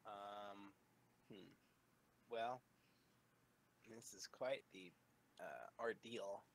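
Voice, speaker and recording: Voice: low-pitched, drawn-out words, slight background noise, low-quality recording. A tabletop game player who talks in a hesitant, rambling way. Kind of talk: casual tabletop game chat.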